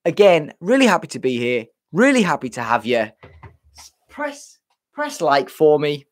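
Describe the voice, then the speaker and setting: A man's voice: fairly high pitch, huge pitch swings, a little slow, no echo, studio quality. A man hosting a casual live stream from home, chatty and self-deprecating, a bit out of breath and often repeating himself. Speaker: livestream host. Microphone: webcam setup.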